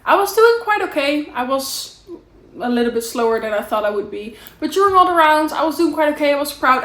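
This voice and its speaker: A woman's voice: on the high side, reverberant. Chatty young Dutch woman vlogging. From Netherlands. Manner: chatty, rambling, warm and candid. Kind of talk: casual catch-up chat to camera.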